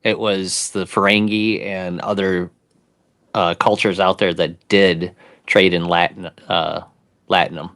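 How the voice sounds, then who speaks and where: A man's voice: low voice, little pitch movement, a little slow, a bit bright. A man co-hosting an investing show, chatting casually and rambling through his theories. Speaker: co-host. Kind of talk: casual chat.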